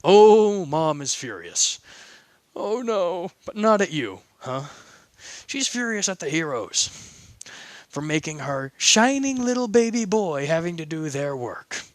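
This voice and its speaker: A man's voice: a little high, sing-song, unhurried, no room sound. A man voicing a young adult relative on the phone who teases with a wry, matter-of-fact manner. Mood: teasing. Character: teasing older mafia relative on the phone, amused young man.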